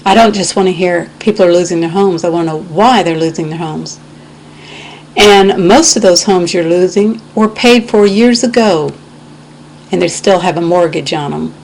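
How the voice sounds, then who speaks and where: This American woman, a video blogger, delivers an impassioned and indignant rant into her webcam mic, weaving in scripture quotes. She speaks at a moderate pace in a fairly low, darkish voice, and the rough recording carries a little hiss or hum.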